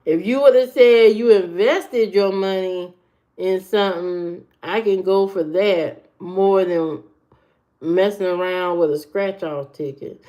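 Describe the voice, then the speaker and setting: A woman's voice: mid-range voice, slow pace, dark tone. A woman hosting a casual livestream, giving blunt, opinionated dating advice to her viewers. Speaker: livestream host. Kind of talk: casual live chat reacting to viewers. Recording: muffled lo-fi livestream audio.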